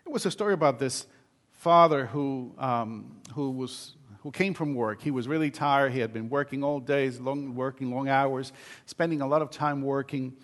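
A man's voice: mid-range voice, moderate pace. An older man, a pastor, giving a sermon in a conversational storytelling way, with many fillers and restarts.

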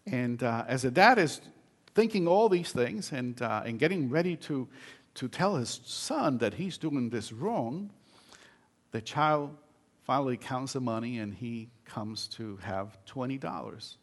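A man's voice: medium pitch, expressive, a little slow. Older man, pastor, conversational sermon, storytelling, frequent fillers.

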